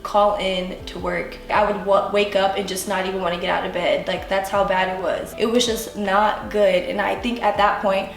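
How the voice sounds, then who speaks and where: A woman's voice: mid-range voice, flat delivery, normal speed, creaky, hardly any pauses. A woman in her twenties, a vlogger telling her own story to camera in candid, casual talk full of "like". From United States. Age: 20s. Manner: candid, filler-heavy talk with frequent "like". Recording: echoey room with faint music.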